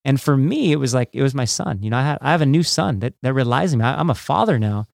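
A man's voice: mid-range voice, animated, quick pace, gravelly, darkish tone, no echo, clean studio sound. A man, a former judo athlete, hosting an interview in a casual way with many fillers. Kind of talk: podcast interview.

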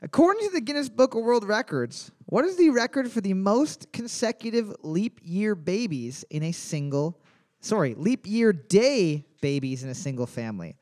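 Male trivia podcast host, high and animated, crude banter. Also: normal speed. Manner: jokey, swearing, reads questions twice. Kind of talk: casual trivia podcast hosting.

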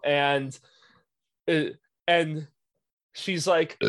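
Young guy coach ranting about a hockey game, cursing a lot, kinda high voice, dry close sound. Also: moderate pace, no room sound. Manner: profane, animated storyteller. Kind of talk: casual podcast storytelling.

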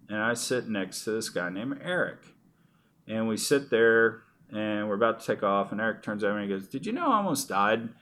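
A man's voice: lowish voice, a bit bright. A middle-aged man in casual conversation, telling personal stories in a rambling way with frequent restarts. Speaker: guest.

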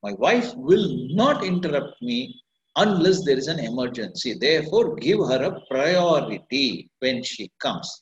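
Lively man teaching meditation. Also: medium pitch, a little slow, a little hiss or hum. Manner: earnest, self-questioning, with rhetorical questions. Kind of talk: reflective spoken teaching. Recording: echoey, dull lo-fi room sound.

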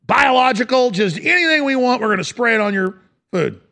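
A man's voice: extremely high pitch, lively intonation, brisk, vocal fry, sharp tone. A middle-aged man hosting a talk radio show, delivering an impassioned, ranting monologue.

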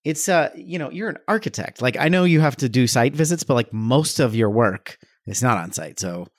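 A man's voice: medium pitch, animated, moderate pace. Wry man podcast co-host. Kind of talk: casual movie-review chat.

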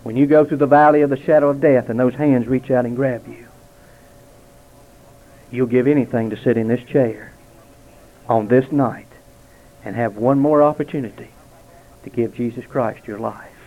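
A man in his forties preaching a dramatic testimony sermon, slowing and dropping almost to a hush for emphasis. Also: mid-range voice, fairly even intonation. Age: 40s. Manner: dramatic, slows and drops to near quiet for emphasis. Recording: tinny phone-like sound.

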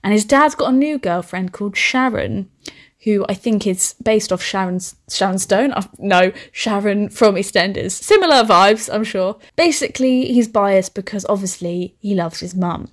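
A young woman podcast host reads aloud a comic story she wrote long ago, at a moderate pace in a mid-range voice. She keeps breaking off for chatty, giggly asides full of swearing, and the recording is clean studio sound with no room echo.

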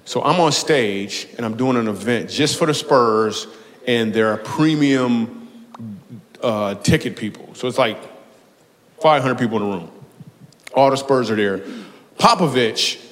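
A man doing stand-up crowd work, telling stories and teasing audience members with bursts of laughter. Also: medium pitch. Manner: loose, teasing, storytelling with bursts of excited laughter. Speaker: stand-up comedian taking audience questions. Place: large hall before a live audience. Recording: live hall with long reverb.

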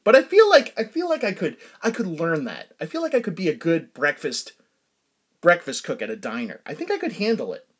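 Lively rambling middle-aged man. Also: on the high side, fairly quick, husky. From Massachusetts, USA. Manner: rambling storytelling with frequent laughs. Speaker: podcast host. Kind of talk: casual solo monologue.

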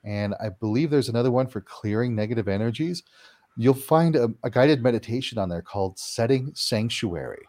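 A man answering interview questions, explaining his work clearing houses and acting out quoted reactions as he talks. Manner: animated, acts out quoted reactions with big pitch jumps. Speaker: paranormal house-clearing practitioner, guest.

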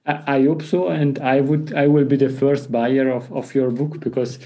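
A man's voice: medium pitch, little pitch movement, normal speed, dark tone, a little hiss or hum. A man interviewing a guest, giving polite, supportive replies. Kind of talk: conversational interview.

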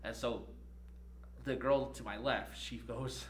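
A young man on a podcast telling a story in a casual, profane, animated way, laughing often. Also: mid-range voice, slow, a little hiss or hum. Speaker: podcast co-host.

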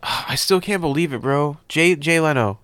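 A young man co-hosting a casual podcast, excitable, swearing a lot and stammering when surprised. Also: on the high side, normal speed, clean tone, no room sound. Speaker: podcast co-host. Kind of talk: casual chat.

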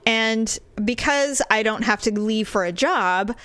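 A woman in her forties tells a story in casual conversation, animated and full of quick asides. Her voice is smooth and clear. The recording is dry and close, with no room sound. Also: on the high side, no room sound.

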